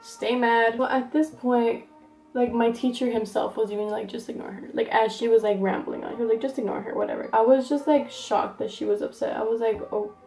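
A young adult woman beauty vlogger chatting through a storytime while doing her makeup, animated and gossipy, filling her talk with "like". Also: a little high, moderate pace, gravelly, echoey room, soft background music. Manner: animated, gossipy, fills speech with "like". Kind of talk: storytime get-ready-with-me chat.

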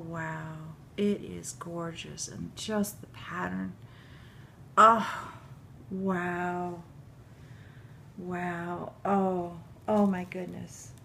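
A middle-aged woman unboxing handmade baby clothes for her video channel, gushing and tearful, often dropping to a breathy whisper. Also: medium pitch, a bit bright, a little hiss or hum. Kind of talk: emotional unboxing chat to camera.

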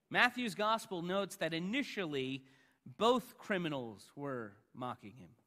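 A man pastor preaching a sermon, emphatic, rising loud on the lines he quotes. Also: a little high, expressive, measured pace, big-room sound.

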